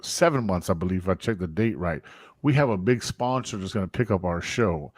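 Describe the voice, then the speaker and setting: A man's voice: sits low, brisk, breathy edge, no echo. A man hosting a casual live-stream podcast, hyping sponsors and welcoming viewers by name. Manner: animated, hype, reads sponsor plugs and viewer comments. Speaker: podcast host.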